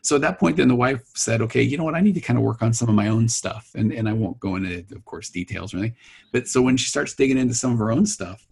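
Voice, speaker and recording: A man's voice: mid-range voice, fast, gravelly, a little mellow, husky. A middle-aged man, a therapist, telling stories from his practice in casual conversation and acting out his clients' voices.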